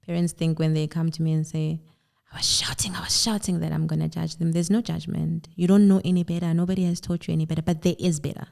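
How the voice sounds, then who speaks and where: A woman's voice: sits low, little pitch movement, fast, gravelly, hardly any pauses, mellow. A woman guest on a parenting podcast, speaking earnestly and encouragingly in affirmations. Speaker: podcast guest, mom blogger. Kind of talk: heartfelt conversational interview.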